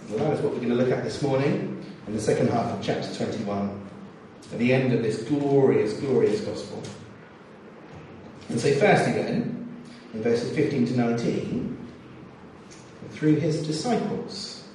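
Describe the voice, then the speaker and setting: A man preaching a sermon in a church, expressive and acting out the quotes he reads. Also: medium pitch, normal speed, pauses often, a little hiss or hum. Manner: expressive, acts out scripture quotes. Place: church or hall. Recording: echoey hall, distant mic, faint ambience.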